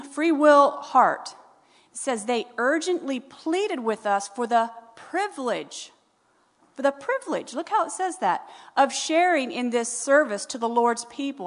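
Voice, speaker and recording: Woman preaching in a reverberant church hall. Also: high voice. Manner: animated preaching, rising to emphatic peaks. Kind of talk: sermon. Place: church sanctuary. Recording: long reverb of a large hall.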